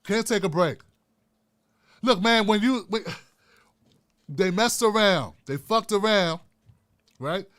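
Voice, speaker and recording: A man hosts his own show of impassioned political commentary, speaking slowly with frequent pauses in a high, fairly bright, animated voice. He talks straight to his viewers in a casual way, often repeating and restarting phrases for emphasis.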